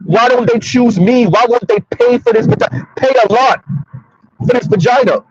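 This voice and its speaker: A whiny, entitled woman firing off demanding questions, as a man mockingly puts her on. The voice sits fairly high and sounds a little husky. The recording is dull and lo-fi. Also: moderate pace, darkish tone, no room sound.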